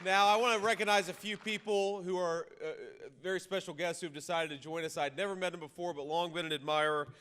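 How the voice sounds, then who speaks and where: A man giving a campaign rally speech into a podium microphone, talking conversationally with restarts and repeated words and rising to loud punchy lines. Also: sits high, steady tone, fast, hardly any pauses, clean tone. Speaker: political candidate addressing a rally. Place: large reverberant rally venue. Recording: long reverb of a rally hall, faint ambient noise.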